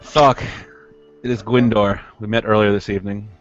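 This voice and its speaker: Guy doing a low-voiced joking elf, dull lo-fi sound. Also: little pitch movement, moderate pace, soft background music, natural voice. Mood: wry. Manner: casual, joking, chatty.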